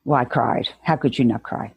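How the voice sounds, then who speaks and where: A woman guest speaking earnestly in a conversational interview, telling stories and acting out inner voices, with a husky voice. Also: extremely low pitch, moderate pace, no room sound, dull audio. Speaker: guest educator.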